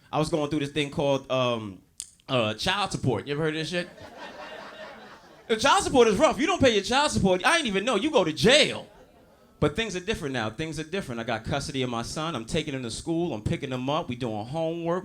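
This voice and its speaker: High, bright-voiced male stand-up comic. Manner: loud, crowd-working, acts out characters. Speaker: stand-up comedian. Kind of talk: stand-up comedy set. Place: comedy stage before a live audience.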